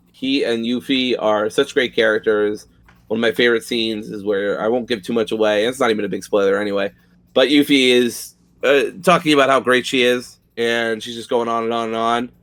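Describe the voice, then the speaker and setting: A man's voice: mid-range voice, a bit bright. A young man co-hosting a casual gaming podcast, talking with loose, enthusiastic energy and casual swearing. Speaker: podcast co-host.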